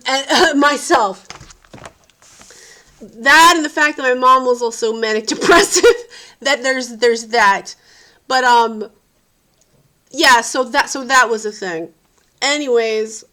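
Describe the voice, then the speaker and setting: A woman's voice: a little high, slow pace, pauses often, bright, forceful tone. Tired, ranting woman vlogger. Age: adult parent. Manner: profane, exasperated ranting. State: sleep-deprived, tired. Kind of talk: casual venting vlog.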